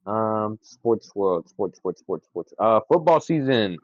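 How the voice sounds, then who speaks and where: A young man co-hosting a podcast in casual chat, excitable and quick to swear and laugh. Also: fairly low pitch, no echo. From California. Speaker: podcast co-host. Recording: dry, dull lo-fi sound.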